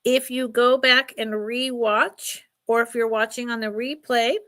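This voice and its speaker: A woman's voice: fairly high pitch, steady tone, unhurried, sharp tone. A middle-aged woman hosting a casual live jewelry sale, chatty and emotional, often laughing. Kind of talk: casual live stream selling.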